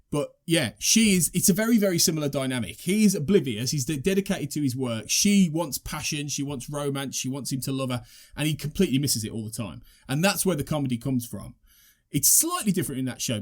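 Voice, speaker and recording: Animated male podcast guest, slightly high voice. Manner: animated, repeats himself while thinking. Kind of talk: casual podcast chat.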